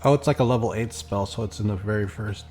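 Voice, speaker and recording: Man gamer, deeper register, rambling running commentary with quoted asides, faint music bed. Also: fast talker, a little mellow. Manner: chatty, rambling, acts out quotes. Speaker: gameplay streamer. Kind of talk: casual commentary while playing.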